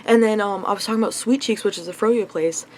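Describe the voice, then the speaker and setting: A young woman ranting in a casual vlog into her phone, rambling with lots of fillers and swearing, clearly frustrated. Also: mid-range voice, fast talker, a little mellow, a little hiss or hum, poor audio. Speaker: vlogger. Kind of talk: casual confessional vlog rant.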